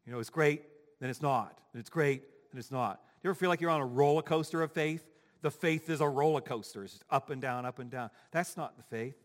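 A man preaching a sermon as pastor, emphatic, swinging from quiet asides to loud declarations. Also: mid-range voice, brisk, big-room sound.

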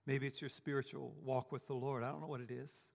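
A man's voice: medium pitch, little pitch movement, brisk, gravelly, in a large hall. A man preaching a sermon as pastor, talking conversationally and asking the congregation rhetorical questions. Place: church sanctuary.

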